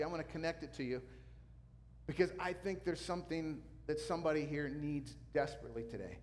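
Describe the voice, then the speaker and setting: A male pastor preaching a sermon, telling a story with lively sound effects. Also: on the high side, big-room sound.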